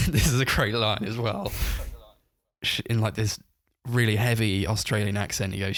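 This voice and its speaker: Male podcast co-host with a low voice and a dry, close sound. Loose, rambling, laughing film recap. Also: steady tone, normal speed, dry recording. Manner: rambling, full of "like" fillers, laughs while retelling scenes. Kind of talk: casual film review chat.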